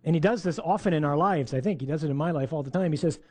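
A man giving a faith lesson on scripture, lively and playful, acting out voices in his asides. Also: on the high side, rapid-fire, few pauses. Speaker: teacher.

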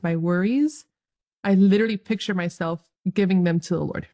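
Young woman, faith talk, joyful, earnest, laughs easily, mid pitch. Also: dark tone. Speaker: Catholic speaker.

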